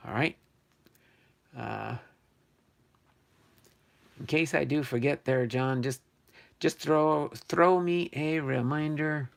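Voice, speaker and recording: This older New Jersey man hosts a casual sports card channel live stream, his voice a little high and gravelly. He talks slowly with long pauses, rambling in a chatty way, thinking out loud and fixing his own words along the way.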